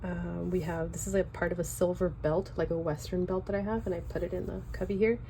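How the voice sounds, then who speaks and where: A woman's voice: lowish voice, steady tone, a little fast, vocal fry, dark tone, slight background noise. Chatty young woman, Californian lilt. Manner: chatty, loose and rambling with fillers. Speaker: vlogger showing her sketchbook. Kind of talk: casual chat.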